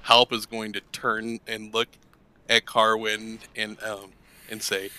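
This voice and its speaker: A man's voice: on the low side, level tone, slow, bright, forceful tone, slight background noise. A man playing a tabletop game in a laid-back way, describing what his character does. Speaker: player.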